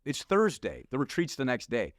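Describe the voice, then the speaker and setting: A middle-aged male pastor telling his life story in a casual, animated way, acting out his younger self with slang. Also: mid-range voice, normal speed, no echo, clean studio sound. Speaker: pastor and podcast guest. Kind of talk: personal testimony in casual conversation. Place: podcast studio.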